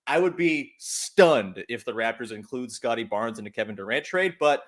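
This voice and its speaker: A man joining a sports podcast as a guest analyst, chatting casually with jokes and quick asides. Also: mid-range voice, animated.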